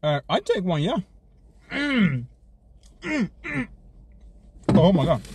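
A man streaming himself eating fast food, joking around, swearing often, and humming between bites. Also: high-pitched, sing-song, vocal fry, background noise. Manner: hyped, joking, swears a lot, chews and hums between bites.

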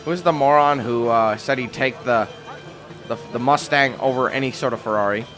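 Speaking at a normal pace in a mid-range, slightly bright voice, a man jokes and laughs through casual gameplay commentary. He teases and trolls as he plays, with faint music behind him.

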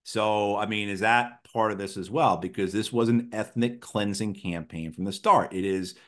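Middle-aged male guest, very low voice, measured political analysis with fillers. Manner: thoughtful, frequent restarts and fillers. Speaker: interview guest, former Marine officer.

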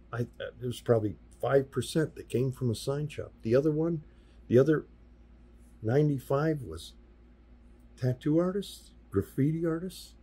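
A man's voice: mid-range voice, mellow, husky. A man, a sign painter telling stories in a casual studio interview and slipping into the voices of the people he quotes. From US Midwest. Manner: anecdotal, acts out quoted dialogue in passing. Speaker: sign painter and workshop teacher, podcast guest. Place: podcast studio.

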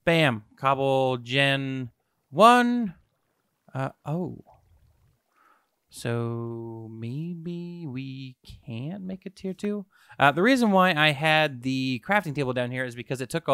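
A young man giving excitable, self-mocking let's-play commentary to his viewers as a gaming YouTuber. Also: medium pitch, takes it slowly, clear, resonant tone, no room sound, studio quality.

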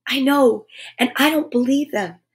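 Gentle storybook girl bear read by a woman, reassuring, high and a touch husky. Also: a little slow, full character voice. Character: kind loyal female toy bear friend. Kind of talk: children's storybook read-aloud.

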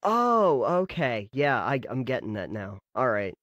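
A man's voice: medium pitch, big pitch swings, measured pace, a bit bright, no room sound, highs cut off. A man playing a tabletop game, joking around and laughing often. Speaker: player. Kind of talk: casual tabletop game chat.

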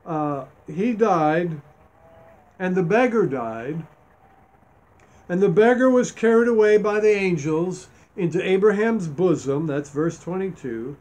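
Man, preacher, high voice, slow deliberate delivery, reads scripture and stresses key points. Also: lively intonation, darkish tone. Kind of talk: Bible teaching sermon.

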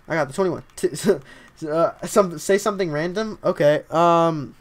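A young man with a scratchy voice, livestreaming a game at home, chatting casually and excitedly while greeting his viewers. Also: a little high, measured pace. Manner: excitable, rambling, greets chat often. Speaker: livestreaming gamer.

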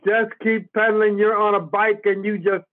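A man's voice: high voice, little pitch movement, moderate pace. A man giving an encouraging motivational pep talk on a video call, repeating refrains. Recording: thin phone-like call audio.

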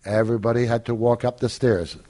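Older man telling animated stories. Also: medium pitch, brisk. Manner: animated, acts out quoted voices, laughs often. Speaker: podcast guest. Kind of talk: anecdotal storytelling.

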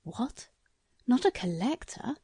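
A woman voicing a shrewd, eager older lord who questions a visitor in a courteous, soft-spoken way. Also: fairly high pitch, very animated, takes it slowly, breathy edge, no room sound, clean studio sound, full character voice.

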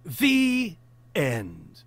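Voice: mid-range voice, wildly swooping pitch, extremely slow, dry recording, heavily acted. A fed-up narrator in a put-on British accent. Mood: exasperated. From United States. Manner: ranting, shouting in exasperation. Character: fed-up game narrator, exasperated. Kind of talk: game narration.

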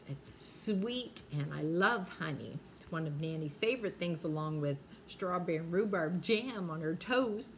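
A woman's voice: on the low side, a little hiss or hum. An older woman reading aloud at bedtime to her grandchildren, playful and drawing out the punchlines. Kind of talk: bedtime read-aloud for young children.

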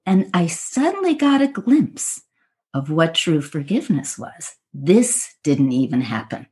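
A middle-aged woman on a podcast, telling a personal story in an earnest, halting, reflective way with frequent pauses. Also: deep voice, big pitch swings, darkish tone. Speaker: podcast guest.

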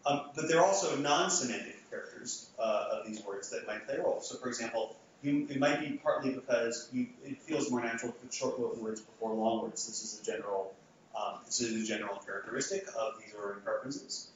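A man lectures to a room, polling the audience and talking loosely with plenty of fillers and restarts. He sits at a middle pitch, and his voice sounds distant from the mic. It reaches the listener through a heavily echoing hall with a dull, muffled tone. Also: a little fast, a little hiss or hum. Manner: conversational, frequent restarts and fillers.

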